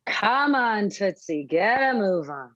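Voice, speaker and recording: A woman reading the part of a calm, unreadable female prison officer in an amateur live script reading over a video call, with a flat, undramatic delivery. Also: medium pitch, slow, dry recording, lo-fi sound. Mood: ordering. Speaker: script reader.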